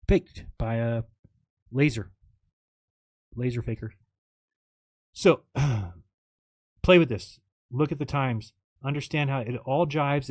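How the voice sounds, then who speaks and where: A man's voice: mid-range voice, darkish tone, no echo. Sarcastic, rambling male streamer, dry mic. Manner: sarcastic, rambling, mocking quotes. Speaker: live stream host. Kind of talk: casual ranting monologue.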